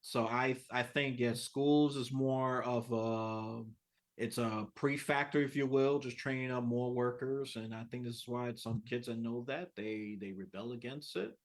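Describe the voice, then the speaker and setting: A man with a New York accent, a podcast guest talking in a casual, animated way, going from soft to loud. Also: mid-range voice, a little slow. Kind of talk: casual interview chat.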